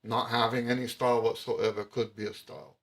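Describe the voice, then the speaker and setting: A man's voice: medium pitch, fairly even intonation, fairly quick, vocal fry. A man teaching jazz trumpet to camera, emphatic, repeating his key points with frequent restarts. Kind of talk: explaining music to camera.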